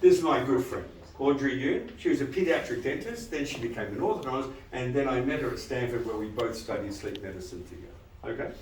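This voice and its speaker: A man giving a live lecture to dentists, animated and quizzing the audience with frequent questions. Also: mid-range voice, a little fast, reverberant, distant mic, a little hiss or hum, poor audio. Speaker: dental lecturer.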